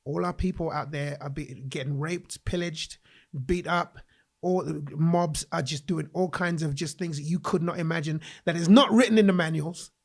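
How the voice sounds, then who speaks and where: A man from England, a guest in a podcast interview, telling a personal story in an animated way and acting out the voices he quotes. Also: on the high side, normal speed, gravelly.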